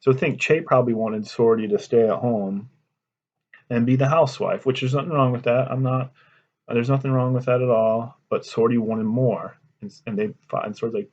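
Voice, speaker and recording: A man's voice: medium pitch, fairly even intonation, moderate pace, a little mellow, muffled recording. A man teaching a class. He reads a story aloud and breaks off to talk it through in a casual way, often asking his listeners if they follow. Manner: conversational, checks in with listeners. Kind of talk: reading a story aloud with commentary.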